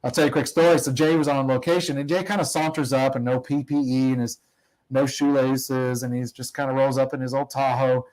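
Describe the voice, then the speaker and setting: A man's voice: medium pitch, little pitch movement, brisk, a little mellow, low-quality recording. Rambling middle-aged man telling stories. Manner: rambling, self-deprecating, many restarts. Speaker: guest, oil company operator. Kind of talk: casual interview storytelling.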